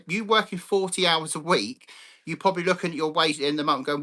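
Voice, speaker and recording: A man's voice: fairly high pitch, fast talker, sharp tone. A man hosting a live chat stream. He talks bluntly, swears freely and greets viewers by name. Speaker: livestream host.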